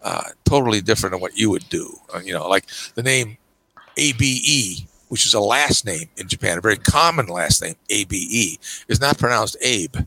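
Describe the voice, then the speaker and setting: Older male podcast guest: gravelly, bright, dry close sound, emphatic chatty anecdotes. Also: fairly quick, no room sound, low-quality recording. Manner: emphatic storyteller with lively pitch jumps and frequent "okay"s. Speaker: podcast guest, camera magazine publisher. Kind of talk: casual podcast chat.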